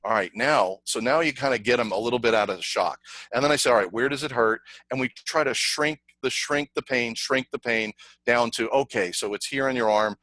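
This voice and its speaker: A middle-aged man presenting a sales training over a video call, energetic and conversational, repeating himself and telling stories. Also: mid-range voice, fairly quick, no echo, poor audio. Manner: energetic, repetitive, conversational teaching with anecdotes. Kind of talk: online webinar presentation.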